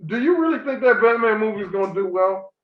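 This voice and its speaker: A man co-hosting a podcast, ranting in animated, profane casual chat. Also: high-pitched, quick pace. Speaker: podcast co-host. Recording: roomy, dull lo-fi sound.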